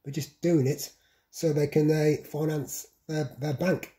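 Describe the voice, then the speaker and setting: A man delivers an insistent vlog monologue, stacking phrase on phrase. His voice is dark and mellow. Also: on the high side, little pitch movement, unhurried. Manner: repetitive listing, insistent. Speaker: vlogger. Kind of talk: monologue to camera.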